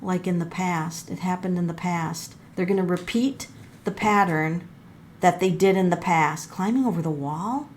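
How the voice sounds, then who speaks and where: A woman's voice: on the low side, fairly even intonation, unhurried, a little hiss or hum. A middle-aged woman doing a casual tarot reading for her viewers. She thinks aloud, exclaims and gasps at the cards, and calls her viewers folks. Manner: talks straight to viewers as folks. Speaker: tarot reader and numerologist.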